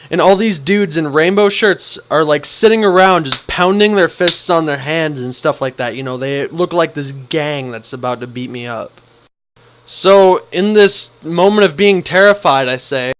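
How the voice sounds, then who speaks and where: A young man tells a story in a casual, animated way, slipping into the voices of the people in it. His voice is high for a man. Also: moderate pace. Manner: animated, acts out the quotes. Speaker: vlogger.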